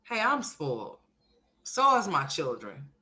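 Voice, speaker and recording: A woman hosting a casual livestream, talking to her chat and calling viewers honey and sweetheart, by turns loud and animated, then soft. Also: deep voice, measured pace. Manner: chatty and emphatic, calls viewers honey and sweetheart; swings between loud animated bursts and soft murmurs. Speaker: livestream commentary host.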